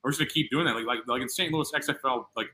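A man's voice: mid-range voice, rapid-fire, pushed and bright, poor audio. A man hosting a casual podcast chat, rambling and profane, packing his talk with filler words.

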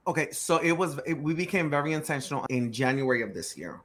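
Animated, emphatic male podcast guest. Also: on the high side, fast talker, a little hiss or hum. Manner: animated storyteller acting out quotes; emphatic, repeats key words. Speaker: startup growth CEO guest. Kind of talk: podcast interview conversation.

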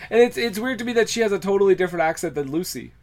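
A man's voice: high-pitched, lively intonation, rapid-fire. Wry, teasing man on a podcast. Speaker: podcast co-host. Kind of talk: casual chat.

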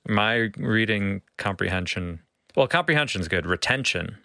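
A man's voice: on the low side, expressive, moderate pace, creaky, pushed and bright, dry recording, clean studio sound. A man co-hosting a casual podcast chat, jokey and self-mocking, often laughing. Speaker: podcast co-host.

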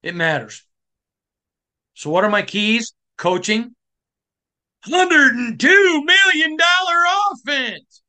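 A middle-aged man from Michigan hosting a sports podcast, giving a passionate, emphatic monologue that climbs to shouting. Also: extremely high pitch, sing-song, takes it slowly, pauses often. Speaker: podcast host.

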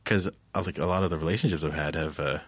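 A man with a very low, resonant American voice talks loosely about his life and music, wandering through his thoughts and laughing easily. The sound is dry and close, with no room around it. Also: quick pace, breathy edge, no echo. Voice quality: deep resonant speaking voice. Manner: relaxed, rambling, laughs often. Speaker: musician guest. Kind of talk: casual interview chat.

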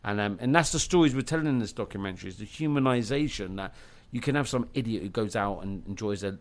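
A man's voice: lowish voice, lively intonation, quick pace. A man, a documentary director, telling stories on a podcast in an emphatic way, swearing and restarting sentences. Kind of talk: animated podcast storytelling.

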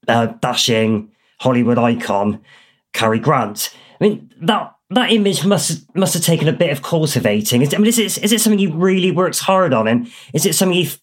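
Bristol-accent guy interviewing, calm thoughtful questions, mid pitch.

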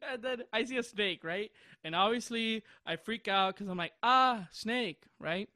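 A man's voice: sits high, normal speed, pushed and bright, no echo, studio quality. A man in his twenties, hosting a podcast, chatting casually and telling a long rambling story with bursts of laughter. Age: 20s. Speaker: podcast host. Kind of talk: casual chat.

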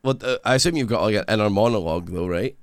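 Low-voiced Scottish man, dry sound. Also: racing, smooth, dry recording. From Scotland. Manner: rambling, swears freely. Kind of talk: casual chat.

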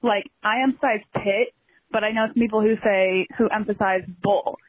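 A woman's voice: medium pitch, steady tone, moderate pace, breathy edge, no room sound. A woman listener leaving a chatty voice message for a podcast. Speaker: listener caller. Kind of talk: recorded voice message. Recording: tinny phone-line message.

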